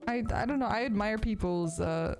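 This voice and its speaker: A woman's voice: medium pitch, normal speed, a little mellow, faint music behind. A woman streamer chatting casually while building a model kit, rambling and putting herself down, with many restarts.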